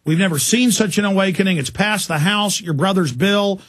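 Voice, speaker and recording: A male radio talk show host interviewing a guest, talking forcefully in firm declarations from the studio. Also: sits high, moderate pace.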